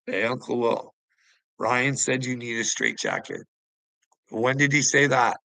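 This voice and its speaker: A man's voice: medium pitch, a little slow, gravelly, long pauses, pushed and bright, no echo, low-quality recording. A man delivering a profane, confrontational vlog rant, taunting the people he addresses. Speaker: online commentator. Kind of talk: ranting vlog monologue.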